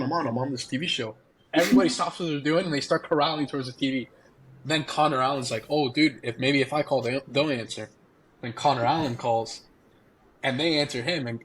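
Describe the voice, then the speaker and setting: A man's voice: medium pitch, rough recording. Laughing man telling a story. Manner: laughing, animated anecdote telling. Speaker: podcast guest. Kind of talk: casual storytelling.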